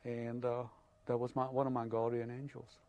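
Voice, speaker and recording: Older man, interviewee, halting storytelling, mid-pitched voice. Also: completely flat delivery, phone-quality sound. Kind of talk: oral history testimony.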